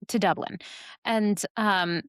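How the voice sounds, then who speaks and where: A woman's voice: medium pitch, steady tone, slow, fairly bright tone, smooth, no room sound. Chatty woman podcast co-host, dry sound. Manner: chatty, rambling with many fillers and laughs. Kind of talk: casual chat.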